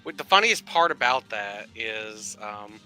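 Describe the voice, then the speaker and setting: Tennessee accent guy, super bright tense voice, crude jokes, music faint. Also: fairly low pitch, expressive, unhurried, clear, resonant tone. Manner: joking, crude asides. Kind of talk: casual group chat.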